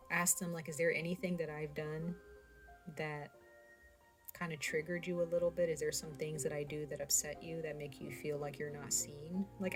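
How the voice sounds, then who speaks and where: Low-voiced chatty woman tarot reader. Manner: chatty, speaks straight to viewers with many fillers. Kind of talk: casual tarot reading to camera.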